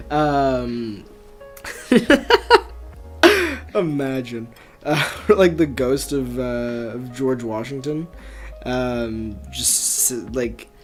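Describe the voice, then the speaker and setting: A young man hosting a casual podcast, rambling through stories with many fillers and restarts and frequent laughter. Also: mid-range voice. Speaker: podcast host.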